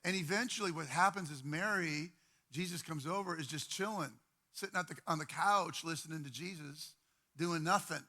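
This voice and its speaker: A man preaching a sermon as pastor, talking in a conversational, animated way with repeated words. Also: a little high, normal speed.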